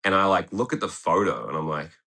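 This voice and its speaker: Deep, bright-toned Australian man. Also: animated, quick pace, creaky. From Tasmania, Australia. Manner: laid-back, swears often, laughs through his story. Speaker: guest skateboarder. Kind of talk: casual interview storytelling. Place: podcast studio.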